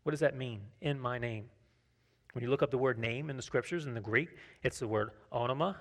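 Conversational pastor preaching. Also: male voice, mid-range voice, brisk. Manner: conversational, asks the congregation questions; tells personal anecdotes, acts out dialogue. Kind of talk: sermon.

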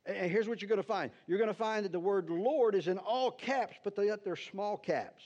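A man's voice: high-pitched, moderate pace, a little mellow. Man teaching a sermon, dull lo-fi sound. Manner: conversational, keeps asking "right?"; talks to the slide operator between points. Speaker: pastor.

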